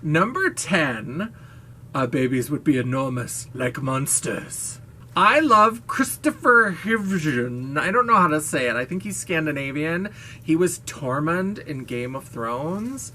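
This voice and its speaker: A woman's voice: sits low, expressive, unhurried, fairly bright tone, slight background noise. A woman vlogger talking casually to camera, gushing, playful and frank, with the odd swear word and laugh.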